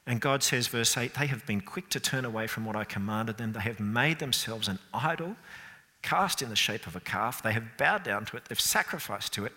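A man preaching a sermon, expressive and building to emphatic peaks. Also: medium pitch, normal speed. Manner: expressive, rising emphatic delivery. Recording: long reverb of a large hall.

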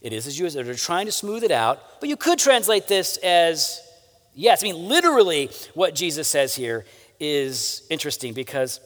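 A man's voice: a little high, very animated, moderate pace. A man preaching a sermon as pastor, talking to the listeners in a conversational way and often checking in with "right?". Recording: long hall reverb.

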